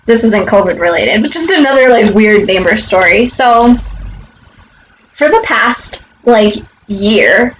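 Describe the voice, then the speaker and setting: A woman's voice: mid-range voice, animated, unhurried, a little hiss or hum, poor audio. A young woman chatting casually and rambling while she arranges flowers, with lots of fillers and free swearing. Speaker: vlogger.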